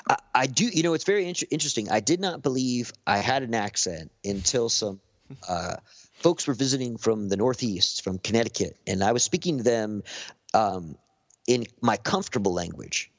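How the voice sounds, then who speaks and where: A man's voice: mid-range voice, expressive, moderate pace, no echo. A man with a Southern Californian accent, a podcast guest chatting in a laid-back, rambling way with many fillers. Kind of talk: casual podcast chat. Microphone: close podcast mic.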